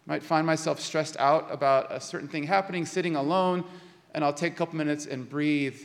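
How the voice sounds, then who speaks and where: A man preaching a sermon in a conversational way, often repeating words and slowing to a hushed voice on key phrases. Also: a little high. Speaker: pastor. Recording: long hall reverb.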